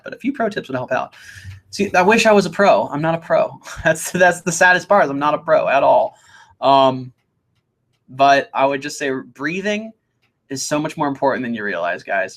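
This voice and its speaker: A man's voice: medium pitch, fairly bright tone. A young man hosting a casual live Q&A, chatting upbeat as he reads out viewer questions. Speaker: host.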